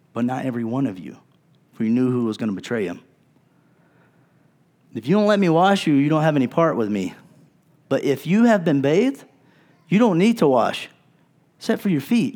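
A male pastor preaching a sermon in a conversational way, acting out the people he quotes and dropping to a low, soft voice for emphasis. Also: sing-song, moderate pace, pauses often. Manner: wide swings in loudness, drops low and soft for emphasis.

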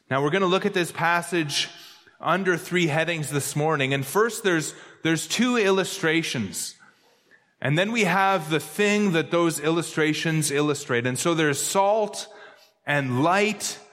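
A man's voice: high voice, fairly bright tone. A male pastor preaching a sermon, stressing key words by repeating them. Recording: long hall reverb.

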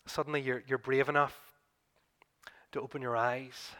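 In his sermon, a male pastor narrates a gospel episode vividly, talking to the congregation as "you." He speaks in a mid-range voice at a moderate pace, building excitement and then dropping low.

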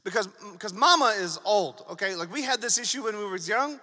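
High-voiced animated preacher in a hall. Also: male voice, a little fast. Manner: animated, playful storytelling. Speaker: pastor. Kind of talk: sermon. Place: church hall. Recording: echoey hall with long reverb.

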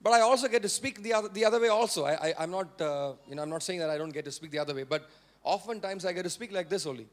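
Indian english pastor guy, pretty high voice, sermon style, keeps getting the church to repeat words. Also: very fast. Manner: repetitive, call-and-response preaching; rises to forceful emphasis.

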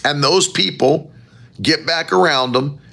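A man preaching a sermon as pastor, with animated, emphatic rising phrases and a gravelly voice. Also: fairly high pitch, measured pace.

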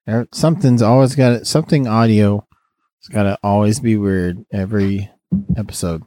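A man's voice: on the low side, steady tone, normal speed, mellow, no room sound. A man hosting a podcast in easygoing casual chat. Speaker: podcast host.

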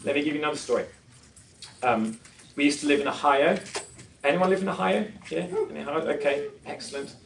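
A conference speaker preaches to a live audience, telling stories with self-deprecating humour and quizzing the crowd. His voice is fairly high, a little fast and has vocal fry. It sounds reverberant, captured by a distant mic with faint noise.

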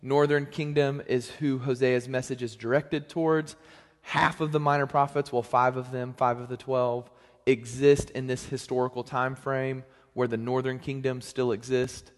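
A young man preaching a sermon as pastor, in a conversational, joking manner with lively swings in pitch and loudness. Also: normal speed. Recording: long hall reverb.

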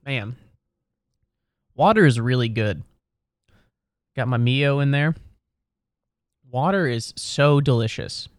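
A man's voice: medium pitch, takes it slowly, pauses often, dry recording, studio quality. A young man sitting at home in a chair, musing aloud in a meandering, wry comedic monologue full of restarts and self-corrections. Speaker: solo vlogger.

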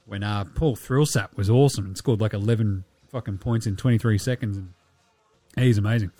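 A man's voice: lowish voice, a little fast, warm tone. An Australian man hosting a sports podcast, talking casually and sarcastically, swearing often and mocking the people he talks about. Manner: profane, sarcastic, mocking impressions. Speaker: podcast host.

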